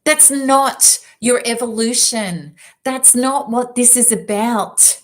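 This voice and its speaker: A woman self-help speaker telling a personal story in an emphatic, lively way. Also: a little high. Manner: lively, emphatic, quick asides. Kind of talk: storytelling talk to an audience.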